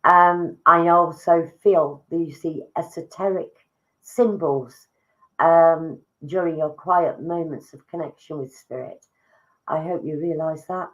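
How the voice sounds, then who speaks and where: Soft-spoken woman medium, low voice. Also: a little slow, rough recording. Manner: soft, emotive, addresses listeners as darling. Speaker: psychic medium. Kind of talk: live psychic reading.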